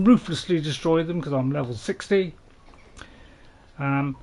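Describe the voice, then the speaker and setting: A man's voice: a little high, unhurried, pauses often, darkish tone, slight background noise. A man with a Northern English accent, chatting casually and rambling while streaming a game to viewers. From North England. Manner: chatty, rambling, laughs at his own jokes. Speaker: gaming streamer. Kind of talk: casual gameplay live stream.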